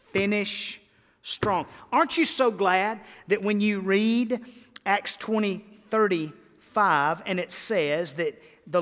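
A man preaching a sermon as pastor, emphatic, swinging between loud exhortation and quiet earnest tones. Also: sits high, big-room sound.

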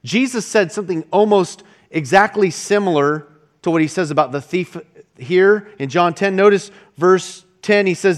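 A male pastor preaches a sermon in a conversational, unhurried manner, often restarting a phrase before carrying on. His voice sits a little higher than most men's.

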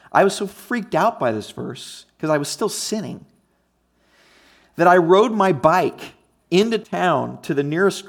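A man preaching a conversational teaching sermon, emphatic and often checking in with his listeners. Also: on the high side. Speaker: pastor.

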